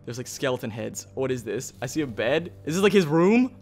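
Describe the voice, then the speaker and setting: A man hosting a gaming video, giving excitable, chatty let's play commentary and thinking aloud. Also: mid-range voice, fairly quick, faint music behind.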